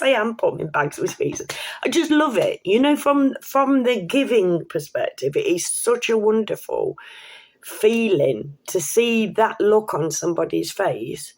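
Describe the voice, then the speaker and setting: A woman telling a personal story to camera in a chatty, excitable way, with casual swearing and slang. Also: low-pitched, vocal fry, slightly rough. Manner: chatty, excitable, laughs while telling stories. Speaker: vlogger.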